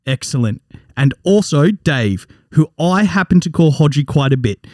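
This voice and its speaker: A man's voice: on the high side, animated, normal speed, a little mellow, no room sound, studio quality. An Australian man in his twenties hosting a casual sports podcast, chatty and joking with his guests. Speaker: podcast host.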